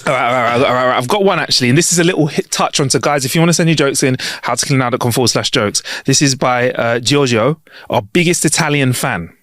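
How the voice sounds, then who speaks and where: A man's voice: mid-range voice, quick pace, hardly any pauses, a bit bright, dry recording, clean studio sound. A man co-hosting a comedy podcast, playful and laughing at his own jokes in casual chat. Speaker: podcast co-host.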